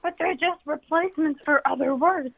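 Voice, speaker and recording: A woman's voice: high-pitched, normal speed, gravelly. A woman playing a creepy, provoking prank caller who swears and argues with the host over the phone. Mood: indignant. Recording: tinny phone line.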